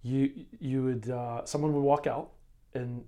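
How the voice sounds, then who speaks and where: A man with a warm, mellow voice co-hosts a casual Bible lesson talk. He tells his stories with enthusiasm, stumbling and restarting as he goes. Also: medium pitch, flat delivery, unhurried. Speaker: co-host of a Bible lesson commentary. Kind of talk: casual religious discussion.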